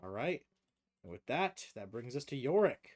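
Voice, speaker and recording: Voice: mid-range voice, big pitch swings, moderate pace, darkish tone. Foul-mouthed casual game master. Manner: casual, swears freely, laughs often. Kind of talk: running a tabletop game on stream.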